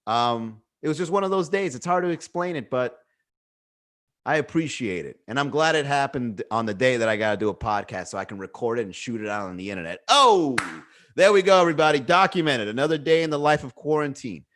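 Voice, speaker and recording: A man's voice: medium pitch, expressive, a little fast, fairly bright tone. A man hosting a casual solo podcast from home, musing aloud in a rambling way, swearing freely and full of fillers. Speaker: podcast host. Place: indoors at home.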